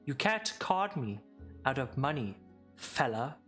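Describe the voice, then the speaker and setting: A man's voice: mid-range voice, unhurried, bright, forceful tone, soft background music. A man voicing a smug male satyr merchant who brushes off a customer's complaint. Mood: smug, dismissive. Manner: smug, dismissive, streetwise drawl. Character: smug male satyr vendor, bothered and dismissive.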